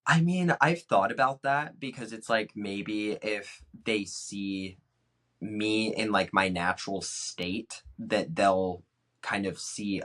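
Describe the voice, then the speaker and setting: Guy guesting on a podcast, kinda low voice, laid back and blunt, says "like" a lot. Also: takes it slowly. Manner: frank and relaxed, heavy use of "like". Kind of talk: casual chat.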